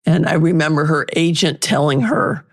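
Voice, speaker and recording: An older woman, a litigation lawyer and interview guest, telling lively anecdotes and acting out past exchanges. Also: sits low, moderate pace, vocal fry. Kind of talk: storytelling in an interview.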